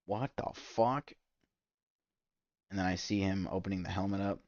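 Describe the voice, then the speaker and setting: Deep-voiced man ranting profanely. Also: fairly even intonation, normal speed, no echo, highs cut off. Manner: profane, exasperated ranting that spikes loud and high. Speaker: gaming streamer. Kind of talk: ranting commentary while gaming.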